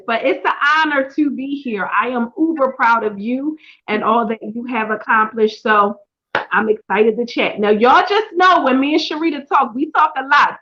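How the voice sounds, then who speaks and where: A woman guest in a casual chat, playful and expressive. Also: sits high, lo-fi sound.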